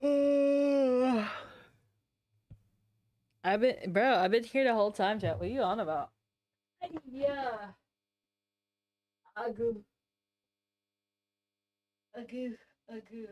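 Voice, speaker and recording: A woman's voice: mid-range voice, animated, moderate pace. A woman live-streaming, chatting casually and playfully with her chat in a slangy, teasing way, sounding sleepy. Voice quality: sings snatches of songs between chatter.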